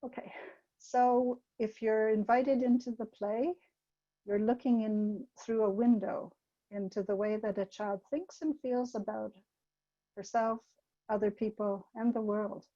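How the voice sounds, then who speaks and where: An older woman from Canada presenting a webinar talk, speaking gently and anecdotally with pauses and fillers. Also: fairly high pitch, fairly even intonation, no room sound, lo-fi sound.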